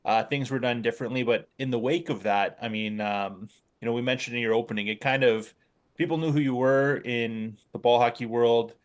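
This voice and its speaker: A man hosting a podcast, asking a question in a hesitant, halting way with fillers. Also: medium pitch, fairly even intonation. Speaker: podcast host. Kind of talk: interview question.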